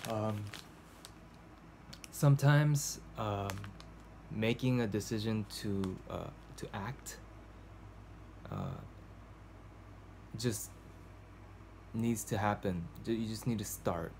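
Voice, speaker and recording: Slow, rambling man talking to camera. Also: on the low side, a little mellow, a little hiss or hum. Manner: rambling, hesitant, many fillers and restarts. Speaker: vlogger. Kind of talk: casual video journal. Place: cold home indoors.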